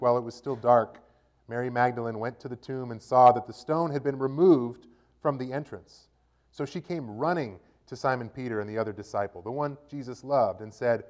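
A man preaching from the pulpit in a mid-pitched voice, reading scripture aloud. His loudness swells on the dramatic lines and sinks low for quiet side comments to the congregation. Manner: reads scripture aloud with lively rises and drops in loudness. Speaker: pastor.

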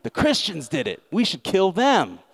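A man's voice: high voice, huge pitch swings, normal speed, vocal fry, husky, voice pushed up, heavily acted. A man putting on a sly scheming emperor. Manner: mock-sympathetic, sly. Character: scheming male Roman emperor, shifting blame.

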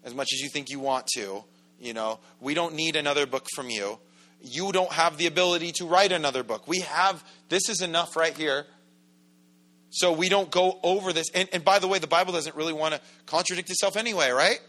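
A man's voice: a little high, a little fast, bright, forceful tone. A man preaching a sermon as pastor in a church, in a conversational, joking way that acts out quoted voices. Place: church sanctuary.

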